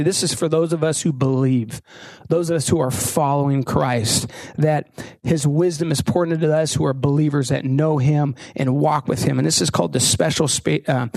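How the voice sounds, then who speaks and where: A man in his thirties preaching a sermon and telling a personal story, self-deprecating and halting, with frequent restarts. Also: a little high, a little mellow, no echo. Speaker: pastor.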